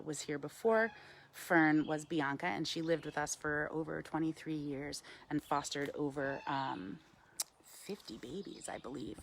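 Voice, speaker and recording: A woman with a low voice leads a casual live wildlife talk outdoors, chatting easily with frequent ums. She turns to coo at the owl now and then and takes viewer questions. Faint outdoor sounds hum behind her. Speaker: wildlife center educator. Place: outdoors in wind.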